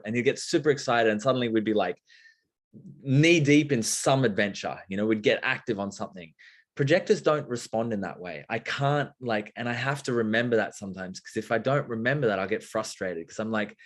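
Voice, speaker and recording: Guest, man, low voice, lively storyteller who acts out quoted bits. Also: brisk. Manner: expressive, acts out little quoted exchanges. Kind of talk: casual conversation.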